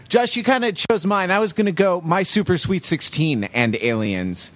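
A man's voice: high voice, expressive, measured pace, a bit bright. A man hosting a casual podcast, joking with his co-hosts and introducing the next topic. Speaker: podcast host.

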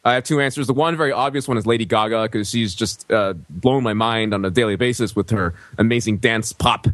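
A man's voice: fairly low pitch, fairly quick, a bit bright, dry recording. Playful, chatty man on a panel. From Korean heritage. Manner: chatty, playful, self-deprecating. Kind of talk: casual podcast chat.

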